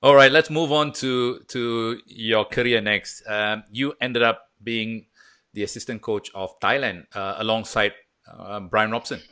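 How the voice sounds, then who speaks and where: A man's voice: fairly low pitch, fairly even intonation, unhurried, pushed and bright, clear, resonant tone. A man hosting an interview, steering the conversation with questions. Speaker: interview host.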